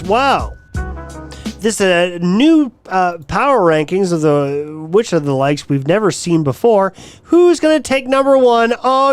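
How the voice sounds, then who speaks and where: Guy hosting a stream, high smooth voice, cussing and taunting, faint music behind. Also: no room sound. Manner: taunting and profane. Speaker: stream show host. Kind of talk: crude live-stream banter.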